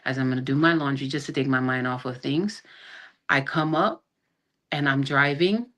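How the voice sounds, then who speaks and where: Very deep-voiced woman telling her story. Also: normal speed. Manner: animated retelling that acts out quoted dialogue, with frequent restarts. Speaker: guest, army sergeant. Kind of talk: personal storytelling in a podcast interview. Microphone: video call.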